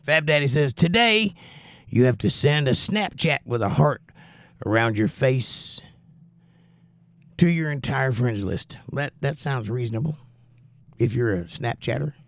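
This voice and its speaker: Unhurried and mid-range in pitch, a man hosts a casual livestream chat, reading viewer messages aloud and firing back wry, teasing answers. He's short of breath and coughs, still recovering from the flu. The recording is dry.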